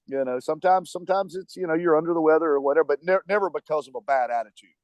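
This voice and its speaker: A man's voice: on the high side, rapid-fire, no echo. A man with a Southern US accent, a touring musician chatting in an interview, rambling and laughing often. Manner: animated, rambling storyteller who laughs often. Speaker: touring band musician, guest. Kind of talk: casual interview chat.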